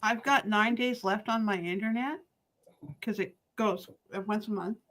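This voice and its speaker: A woman chatting casually, profane and full of quick restarts. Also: medium pitch, fairly bright tone. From Canada. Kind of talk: casual chat.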